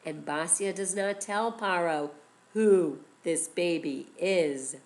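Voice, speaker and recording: A woman teacher telling a story to children, animated and expressive, often asking questions. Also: on the low side, slow pace.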